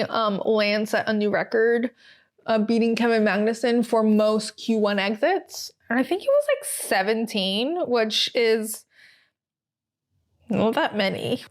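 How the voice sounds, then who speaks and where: An American woman hosting a podcast, recapping in a chatty, casual way with many fillers and wry asides. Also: on the high side. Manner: chatty, lots of ums and likes, wry asides. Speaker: podcast host. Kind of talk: casual solo recap chat.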